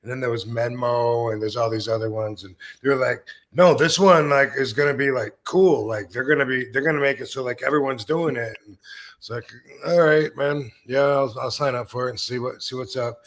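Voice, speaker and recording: A man hosting a podcast in casual chat who rambles loosely and acts out quoted sales pitches. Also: fairly even intonation, a little fast, a bit bright. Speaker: podcast host.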